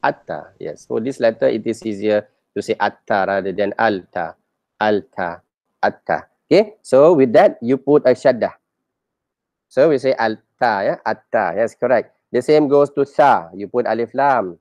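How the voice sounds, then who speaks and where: A man's voice: mid-range voice, lively intonation, moderate pace, a little mellow, no echo. A man teaching a reading lesson, patiently saying each example several times and quizzing his learners as he goes.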